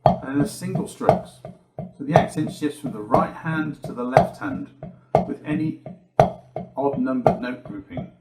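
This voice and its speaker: A man teaching percussion who counts beats steadily and explains each exercise. His voice sits at an ordinary middle pitch. The room is echoey, with loud drumming heard behind him. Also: measured pace, over loud music. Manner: calm, counts beats aloud while playing. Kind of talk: instructional demonstration.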